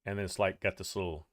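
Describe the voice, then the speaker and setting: A man's voice: sits low, no echo, clean studio sound. Chatty man hosting a farming-game livestream. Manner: chatty, greets viewers by name. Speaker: livestream host. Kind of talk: casual gameplay livestream chat.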